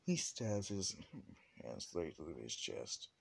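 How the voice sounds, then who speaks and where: Man, improvised fan story narration, rambling, very deep voice, lively pitch. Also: slow pace, vocal fry, slightly rough. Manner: loose, rambling, casual retelling with restarts.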